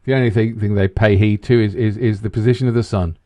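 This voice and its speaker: A man co-hosting a podcast in loose, animated, sweary chat that rambles from point to point. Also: lowish voice, quick pace. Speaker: podcast co-host. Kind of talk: casual banter podcast.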